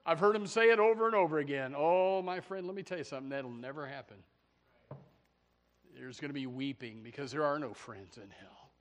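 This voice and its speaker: A man preaching a fiery sermon, swinging from loud shouts to hushed low passages, often stammering and repeating words. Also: fairly quick. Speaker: pastor.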